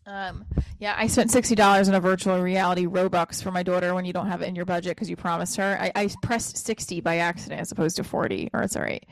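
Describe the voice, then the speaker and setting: A woman's voice: lowish voice, little pitch movement, fast, no room sound. Rambling, foul-mouthed woman in her forties. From New Jersey. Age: 40s. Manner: rambling, profane, self-deprecating. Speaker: podcast host and comedian. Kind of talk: casual solo podcast monologue.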